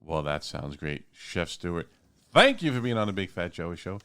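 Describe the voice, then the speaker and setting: A man with a New York accent hosts a relaxed radio interview. His voice sits very low but swings widely in pitch. He jokes around and repeats words. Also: normal speed, clean tone. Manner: playful, repeats words, trails off quietly. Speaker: radio show host. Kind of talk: casual interview chat.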